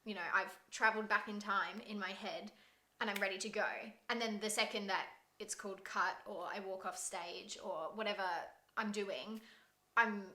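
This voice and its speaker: A woman's voice: mid-range voice, steady tone, normal speed, pushed and bright. A woman chatting casually, saying "like" often and laughing easily. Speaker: singer and performer. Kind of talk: casual chat. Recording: roomy echo.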